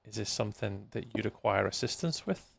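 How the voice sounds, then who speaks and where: A man's voice: fairly low pitch, lively intonation, brisk, creaky, breathy edge, no echo. A man chatting with viewers during a live gameplay stream. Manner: chatty, talks to viewers while playing. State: tired, yawning.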